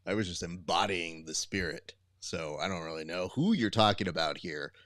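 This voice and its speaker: A man co-hosting a casual podcast, joking and throwing in quick asides. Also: deep voice, a bit bright, dry recording. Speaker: podcast co-host.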